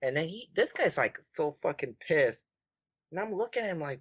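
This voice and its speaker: A man co-hosting a podcast, telling an animated story full of swearing and acted-out quotes. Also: fairly high pitch, moderate pace, husky, no echo. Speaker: podcast co-host. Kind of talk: casual chat.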